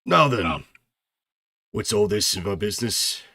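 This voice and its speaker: A man voicing a steady male tavern keeper who speaks in a measured, firm and folksy way. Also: lowish voice, gravelly, no room sound, clean studio sound, heavily acted.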